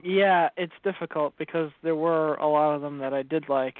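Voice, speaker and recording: Male podcast co-host, unhurried, mostly brief agreeing replies; slightly high, dry phone-like audio. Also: dry recording. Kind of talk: casual review chat.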